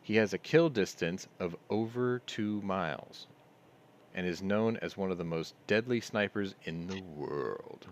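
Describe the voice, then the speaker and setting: Low-voiced sardonic male news streamer. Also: normal speed. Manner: sardonic, reads headlines then riffs on them. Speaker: livestream news commentator. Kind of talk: casual news commentary.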